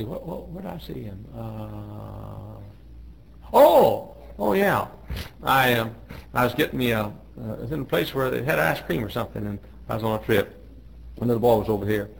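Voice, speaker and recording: A man's voice: medium pitch, lively intonation, moderate pace, creaky, slight background noise, rough recording. A middle-aged man, a pastor, telling joking stories in a folksy way on a radio devotional. He raises his voice when he quotes people.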